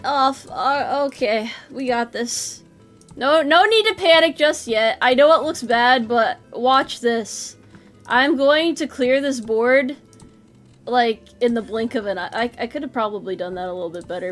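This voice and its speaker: A woman's voice: on the high side, a bit bright. A woman streaming a game, chatting casually with rambling self-deprecating jokes and nervous laughs. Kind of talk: casual game livestream chat.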